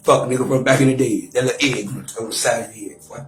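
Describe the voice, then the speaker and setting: A man's voice: mid-range voice, steady tone, fast talker, echoey room, soft background music. A man in his forties trash-talking and taunting on a profane livestream rant, mock-rapping at times. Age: 40s.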